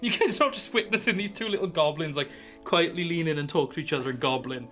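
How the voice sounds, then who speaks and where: British man, dungeon master, bright tone, slightly high voice, laughing narration. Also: animated, fast, faint music behind. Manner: laughs through his own narration. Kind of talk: narrating a tabletop game.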